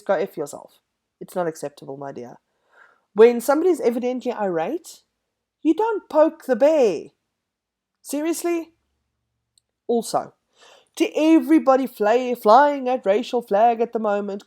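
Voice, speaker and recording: A woman's voice: fairly high pitch, warm tone. A woman giving an emphatic, indignant opinion vlog, sarcastic at times. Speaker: vlogger.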